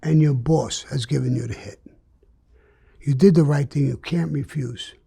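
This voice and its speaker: Older New man, gravelly dark voice, blunt storyteller in an interview. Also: fairly high pitch, moderate pace. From New York. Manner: blunt, streetwise storytelling that acts out the dialogue.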